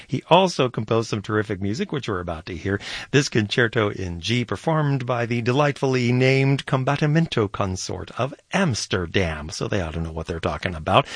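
A man announces classical music on the radio in a lowish voice, chatty and amused as he introduces each piece. He speaks close to a studio microphone in a dry, non-reverberant booth. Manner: playful, chatty, amused asides. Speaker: radio host.

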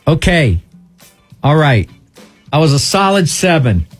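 A man's voice: fairly high pitch, very animated, measured pace, husky, soft background music. A man co-hosting a casual talk show, self-pitying and defensive as he jokes with his friends. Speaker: co-host. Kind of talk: casual banter.

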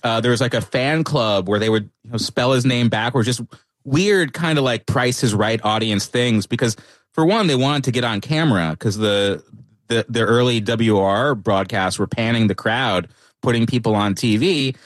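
A man guest answers questions in a thoughtful, halting way, often restarting his sentences. His voice sits at a middle pitch. The sound is dry and close, with no room echo. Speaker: author and guest. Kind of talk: conversational interview answers.

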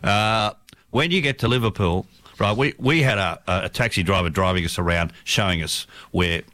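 A man with a somewhat low voice tells a story in relaxed, conversational chat. He rambles, corrects himself mid-sentence and chuckles now and then. The sound is dry and close, with no room around it. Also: normal speed, no echo.

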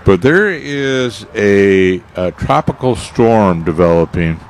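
A man co-hosting a radio gardening show in casual chat, talking haltingly with many fillers and restarts. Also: on the low side, animated, a little hiss or hum.

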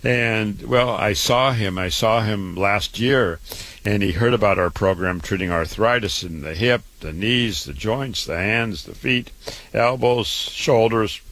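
A man's voice: on the low side, a little slow, fairly bright tone. A man, a doctor, giving a promotional health talk about his clinic, repeating himself and listing items one after another. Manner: repetitive, listing.

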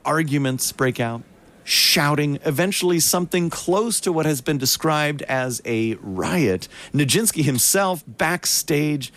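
A man hosting a classical music radio broadcast, introducing a concert in a measured storytelling manner with dramatic pauses. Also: fairly high pitch, animated, a bit bright. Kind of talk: scripted radio narration.

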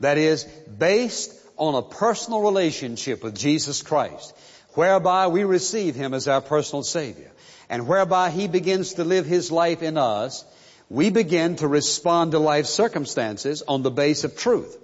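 A man preaching a sermon, slow and emphatic, repeating key phrases for stress. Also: on the high side, expressive. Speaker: pastor. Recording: muffled sound in a reverberant hall.

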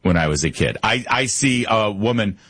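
A man's voice: on the low side, lively intonation, moderate pace, fairly bright tone, no room sound. A man hosting a political talk show, opinionated and conversational, with frequent fillers. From Michigan. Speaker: talk radio host. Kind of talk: political commentary.

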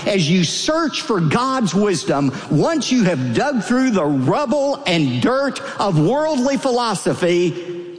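A man delivers a sermon in a fairly high voice that swings widely between peaks and drops. His preaching is emphatic, pressing key words upward. A long reverb trails his words. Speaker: pastor.

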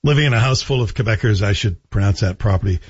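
A man's voice: on the low side, fast talker, background noise. Sarcastic male talk radio host. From Canada. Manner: sarcastic, joking asides. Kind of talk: opinionated radio commentary. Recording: dull lo-fi broadcast audio.

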